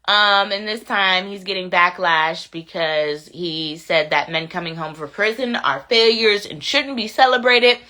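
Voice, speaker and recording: A woman's voice: medium pitch, unhurried, hardly any pauses, bright, forceful tone. A woman hosting a casual commentary show, reading viewer comments and repeating phrases to drive her points home. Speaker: commentary channel host.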